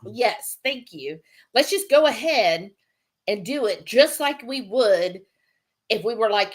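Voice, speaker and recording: A woman's voice: on the high side, lively intonation, takes it slowly. A woman co-hosting a live cooking stream, chatting casually and reading out viewer comments. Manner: chatty and laughing, lots of "like" and "y'all".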